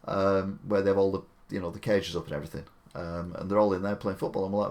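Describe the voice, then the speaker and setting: Male streamer, slightly low voice, casual and opinionated, rambles. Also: little pitch movement, quick pace, a little mellow. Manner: chatty, opinionated, rambling asides. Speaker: live-stream host. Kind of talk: casual live-stream commentary.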